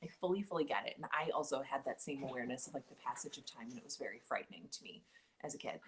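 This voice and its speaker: Woman in her late thirties, casual home livestream, rambling chat, low pitch, sharp bright tone. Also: lively intonation, racing, slight background noise. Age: late 30s. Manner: rambling, chatty, easily sidetracked. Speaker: podcast host.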